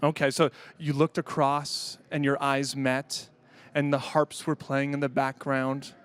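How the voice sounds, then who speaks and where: A man's voice: mid-range voice, completely flat delivery, a little slow, smooth. A man hosting an interview, asking playful, teasing questions. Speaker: interviewer host. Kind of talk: casual interview chat.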